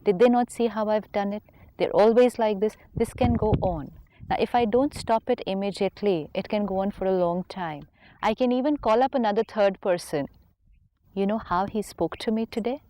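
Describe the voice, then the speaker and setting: A woman, a spiritual teacher calmly explaining ideas on a counselling talk show. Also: mid-range voice, brisk. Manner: calm, explanatory, acts out inner dialogue.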